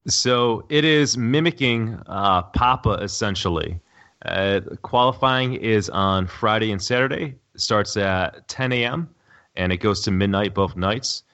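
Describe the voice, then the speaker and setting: A man's voice: lowish voice, animated, measured pace, a bit bright, highs cut off. A man guesting on a podcast, explaining a tournament with hesitant fillers. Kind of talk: casual interview.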